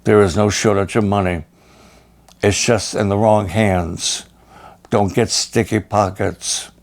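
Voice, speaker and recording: A man's voice: fairly low pitch, fairly even intonation, slow, gravelly. An older man, a pastor, delivering a fundraising sermon with an emphatic, urgent, pleading delivery.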